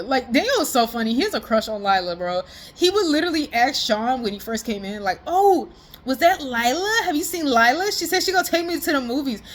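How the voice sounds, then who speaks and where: A woman chatting casually as if on a call with a friend, excited and slangy, rambling and laughing often. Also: mid-range voice. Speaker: vlogger.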